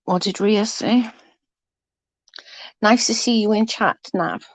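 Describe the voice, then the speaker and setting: This livestream host has a mid-range voice and a slow pace, captured with no room sound on a close computer mic. She's stuffed up from hay fever as she reads chat comments, talks casually with viewers, cusses freely and giggles.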